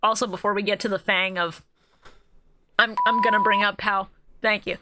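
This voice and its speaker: A woman's voice: medium pitch, steady tone, moderate pace, very noisy. A young woman co-hosting a podcast in casual, profane chat, joking and laughing often. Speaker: podcast co-host.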